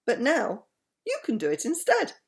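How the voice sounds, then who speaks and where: A woman voicing a brisk little male gnome who flies an aeroplane in a storybook reading. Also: fairly high pitch, huge pitch swings, voice pushed up. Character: small long-nosed gnome aeroplane pilot, male.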